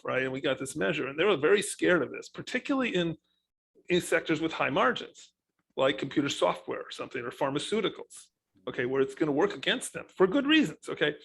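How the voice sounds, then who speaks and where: A man speaking as an economist on a panel, telling his points with animated emphasis. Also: on the high side, brisk, gravelly, rough recording. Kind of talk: panel discussion.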